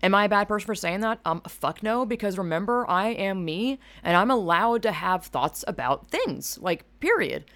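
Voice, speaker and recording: Rambling, gravelly-voiced woman. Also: mid-range voice, normal speed, few pauses. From Georgia, US. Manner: rambling, profane, self-mocking; animated and loud. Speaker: podcast host. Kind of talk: casual solo podcast monologue.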